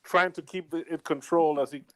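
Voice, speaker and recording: A man taking part in a tabletop game as a player. His voice sits fairly high, and he reads the rules aloud steadily between bursts of animated chat. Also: brisk.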